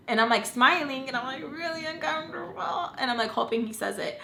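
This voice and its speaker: A young woman vlogger telling a personal story in casual chat, animated and full of filler words. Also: high voice, fairly quick, gravelly, a little hiss or hum. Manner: chatty, animated, lots of "like" fillers. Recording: roomy echo.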